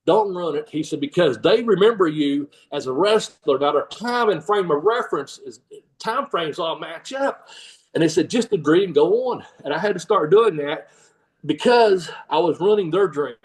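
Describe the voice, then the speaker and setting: In a laid-back interview, a former pro wrestler and trainer, now older and speaking with a drawl, rambles through a lengthy story at normal speed. Slightly high-voiced for a man, he repeatedly bursts out laughing as he imitates fans. The recording is low quality and distant.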